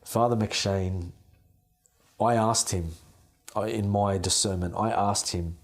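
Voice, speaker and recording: A young man, a seminarian, answering interview questions in an earnest, gentle way. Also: fairly low pitch, fairly even intonation, slow pace. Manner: earnest, gentle, repetitive phrasing.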